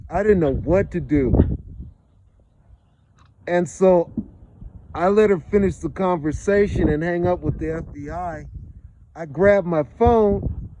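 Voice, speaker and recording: La guy telling a wild story, cussing, higher voice, mellow tone, kinda dull lo-fi sound. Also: a little hiss or hum. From Los Angeles. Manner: lively, profane, acts out quotes. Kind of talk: animated storytelling.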